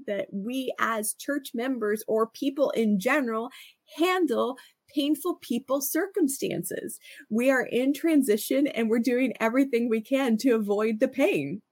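A woman's voice: fairly high pitch, no room sound. Middle-aged woman, earnest co-host, stammering restarts, dry close mic. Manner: earnest, frequent restarts and stammers, laughs often. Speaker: podcast co-host. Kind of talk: reflective conversational talk.

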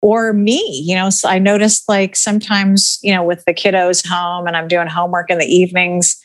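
A woman's voice: lowish voice, flat delivery, moderate pace. A middle-aged woman talking casually as a guest, chatty and laughing often, full of filler words. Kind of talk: casual podcast conversation.

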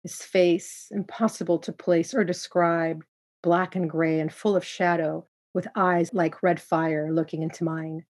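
A woman narrating a first-person story in a calm, measured reading. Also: fairly low pitch.

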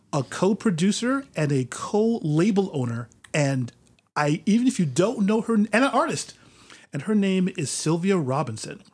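Chatty man with a higher voice. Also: a little mellow, breathy edge. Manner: chatty storyteller, laughs between asides. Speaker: podcast host. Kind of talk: casual conversational chat.

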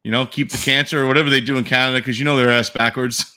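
Bright-voiced man ranting about sports. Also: medium pitch, fairly even intonation, racing, a little hiss or hum. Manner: profane, ranting, jokey. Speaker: podcast co-host. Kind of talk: casual sports chat.

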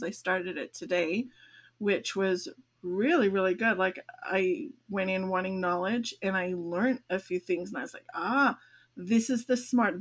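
An older woman hosts a podcast in a relaxed, casual chat. She rambles warmly from one thing to the next, with fillers and restarts along the way. Her voice sits at an ordinary middle pitch. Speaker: podcast host.

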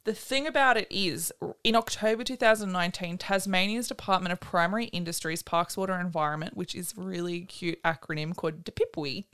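A woman's voice: on the low side, a little fast, few pauses, a bit bright, clean tone. Chatty, giggly woman. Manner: chatty, giggly, rambling with many fillers. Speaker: podcast co-host. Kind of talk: casual chat.

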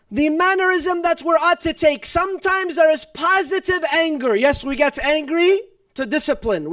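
A man giving a sermon in a strikingly high voice. He keeps it conversational, asks the audience rhetorical questions and repeats "no, no, no" to press a point, with Arabic religious terms mixed in. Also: a bit bright. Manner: repeats "no, no, no" for emphasis. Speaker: Islamic preacher. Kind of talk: sermon lecture.

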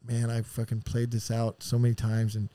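A middle-aged man, a podcast guest, telling a painful personal story in a raw, profane and heartfelt way, with sighs and halting restarts. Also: medium pitch, completely flat delivery, dark tone, no room sound.

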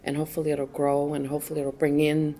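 A woman's voice: sits low, monotone, fast, warm tone. A woman answering interview questions at a conference, effusive and full of exclamations. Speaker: conference attendee, AA member.

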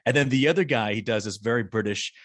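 A man co-hosting a relaxed podcast chat. His voice sits at an ordinary middle pitch. He talks with animation, laughs easily and often slips into acting out other voices. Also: fast talker. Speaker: podcast co-host. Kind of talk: casual chat.

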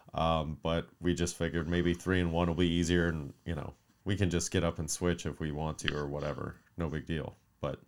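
A man in his thirties, a podcast co-host, telling a long story in casual chat, animated and profane, acting out quotes. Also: low voice, clear, resonant tone. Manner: mimics voices in quotes.

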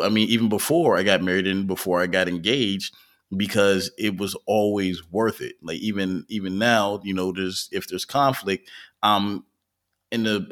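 A man co-hosting a podcast, telling stories in a loose, profane, laughing way. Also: deep voice. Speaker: podcast co-host. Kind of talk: casual podcast chat.

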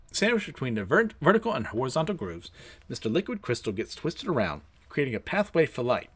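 A man's voice: medium pitch, husky. A man with a lisp giving a chatty, casual recap of an anime episode, reading out the characters' lines and laughing at himself. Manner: chatty, self-deprecating, laughs between lines.

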